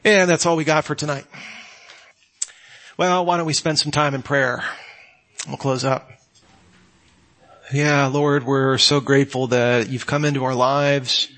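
A man's voice: medium pitch, steady tone, measured pace, long pauses, a bit bright. A man preaching a sermon as a pastor, emphatic, and ending with a spoken prayer. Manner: emphatic, rising to exclamations then closing in prayer.

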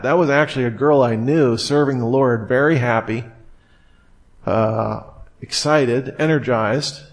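A man preaching a sermon with a middle-pitched voice. He talks in a conversational way, with fillers, and pushes his pitch up sharply when he stresses a point or acts surprised. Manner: animated, rises in pitch for emphasis and mock surprise. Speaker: pastor.

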